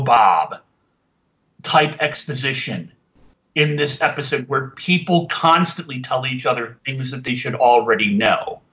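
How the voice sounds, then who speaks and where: A man casually reviewing an old TV show, rambling with many fillers and restarts, getting animated when he complains. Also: medium pitch, highs cut off. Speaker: podcast reviewer.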